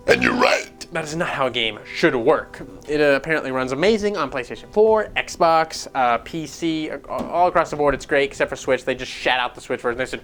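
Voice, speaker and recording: Profane, excitable man ranting about games. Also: on the high side, brisk, soft background music. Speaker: gaming news host. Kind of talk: casual ranting commentary.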